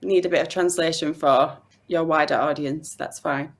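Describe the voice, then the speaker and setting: Her voice sits low, with a steady tone and normal speed. She's a woman in her thirties from Yorkshire, England, speaking with a strong Yorkshire accent as a podcast guest in a casual video-call chat, laughing frequently.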